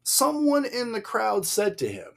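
A man co-hosting a casual Bible discussion podcast, emphatic and animated, acting out the dialogue as he talks. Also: sits high, measured pace, vocal fry. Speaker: podcast co-host.

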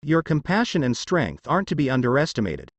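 A man voicing a wise, calm old beast spirit who speaks sagely. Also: on the high side, brisk, no room sound, highs cut off, full character voice.

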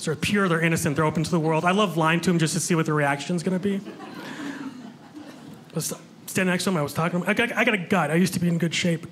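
A man's voice: on the high side, fairly even intonation, quick pace, a bit bright. A man performing a stand-up comedy set on a club stage, chatty and self-mocking, talking with the crowd. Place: comedy club stage before a live audience. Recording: live club recording with audience noise.

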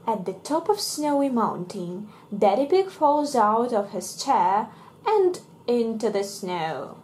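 Slow, lively woman reading a children's book. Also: fairly high pitch. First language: Russian. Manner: slow and expressive. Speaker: English teacher reading to children. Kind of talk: reading a picture book aloud.

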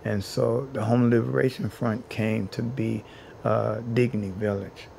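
A man's voice: on the low side, level tone, moderate pace, gravelly, dark tone, slight background noise. A man being interviewed as a housing activist, telling his story in an earnest way and building his points by repeating phrases.

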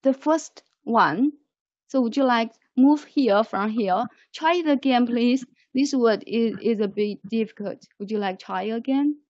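Slow, lavishly praising woman teacher. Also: fairly high pitch, a little mellow, no room sound. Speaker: English teacher. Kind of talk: online language lesson. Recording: muffled online call audio.

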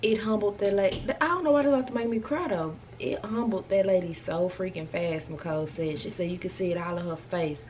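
A woman vlogger telling stories in a casual, animated, colloquial way. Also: lowish voice, a little fast, few pauses, slight background noise. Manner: chatty, animated, colloquial storytelling. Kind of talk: casual storytelling chat.

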